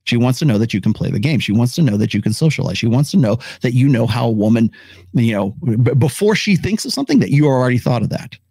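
A male podcast host giving casual, opinionated commentary, animated and blunt, with occasional swearing. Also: medium pitch, fast, creaky, slightly rough, dry recording. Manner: animated, acts out quoted voices, swears.

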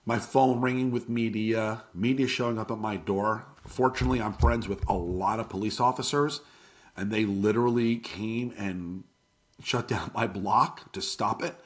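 A middle-aged man telling a painful personal story as an interview guest, halting and emotional. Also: lowish voice, fairly even intonation.

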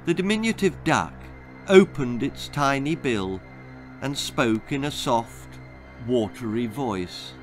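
A middle-aged man narrating his own children's story in an expressive, dramatic way. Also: medium pitch, slow, soft background music.

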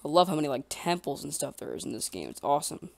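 A man giving casual let's-play commentary, excitable and talking to himself and the creatures in the game. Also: fairly high pitch, fast talker, vocal fry, dry recording. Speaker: gamer.

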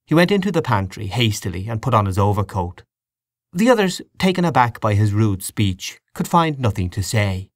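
Expressive low-voiced male audiobook narrator. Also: dry recording, studio quality. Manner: measured, expressive reading.

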